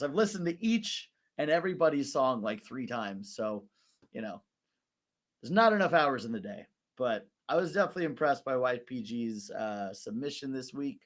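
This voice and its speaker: A man hosting an online rap tournament recap, talking in a casual, joking and profane way. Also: medium pitch.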